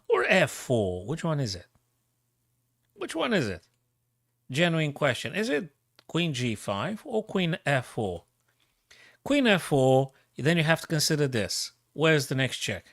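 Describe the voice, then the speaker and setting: Excitable man calling chess moves live. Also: a little high, no echo, clean studio sound. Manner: thinking aloud, excitable, repeats himself. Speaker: chess streamer.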